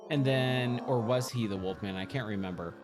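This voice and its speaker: Casual male streamer, mid pitch, chatty and meandering over steady game music. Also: normal speed. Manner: chatty, rambling, repeats words. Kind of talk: casual gameplay chat.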